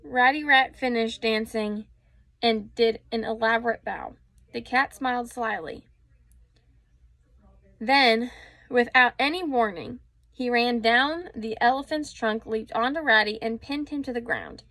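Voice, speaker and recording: A woman's voice: on the high side, measured pace, dry recording. Woman reading a storybook aloud. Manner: expressive storytelling with small slips. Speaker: children's story reader.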